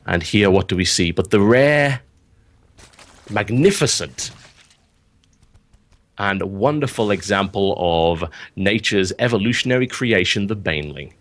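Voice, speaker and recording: A man putting on a reverent wildlife documentary narrator, speaking slowly and lingering on words. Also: on the low side, animated, fairly bright tone. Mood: reverent awe. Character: hushed nature documentary narrator, male, reverent.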